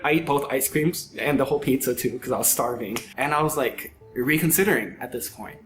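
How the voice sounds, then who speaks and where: A young man tells a story to friends in a casual, animated way, slipping into quoted voices and leaning on "like" as a filler. His voice sits at an ordinary middle pitch. The room is echoey, with faint music playing underneath. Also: fairly quick.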